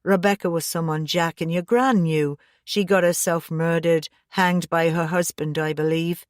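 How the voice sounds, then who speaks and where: A woman's voice: fairly low pitch, fairly even intonation, moderate pace, no echo, clean studio sound, close to an everyday voice. A woman reading the lines of a tense, frustrated middle-aged father in an audiobook, curt and defensive.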